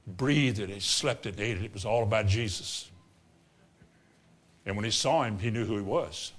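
A man preaching a sermon, swinging from loud outbursts to low murmurs and acting out Bible scenes. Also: moderate pace. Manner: acts out Bible scenes in character voices.

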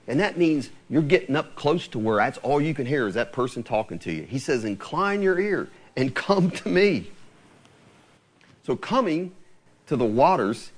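A man preaching a sermon, quoting scripture with lively, rising emphasis. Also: fairly high pitch.

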